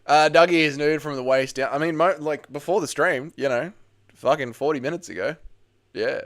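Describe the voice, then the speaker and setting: A man's voice: on the high side, moderate pace, fairly bright tone. An Australian man hosts a casual livestream, swearing freely and laughing with his viewers. He switches easily between banter and blunt play-by-play of a fight. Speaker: livestream host. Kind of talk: casual livestream watch-along and fight commentary.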